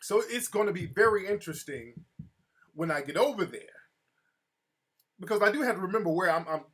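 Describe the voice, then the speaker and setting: A man hosting a casual live talk show, telling stories in an animated way and calling out chat viewers by name. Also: high voice, fairly quick, husky. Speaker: show host.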